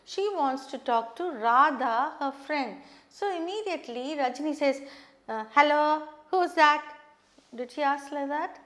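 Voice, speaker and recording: A woman teacher giving a spoken lesson, explaining slowly and often checking in with "okay". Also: high-pitched, fairly bright tone. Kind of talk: spoken lesson on phone manners.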